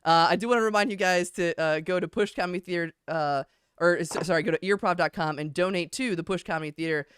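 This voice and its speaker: A man hosting an improvised comedy livestream, chatting loosely with quick asides and laughs. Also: high voice, fairly bright tone, clean tone, dry recording, clean studio sound. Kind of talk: casual hosting banter.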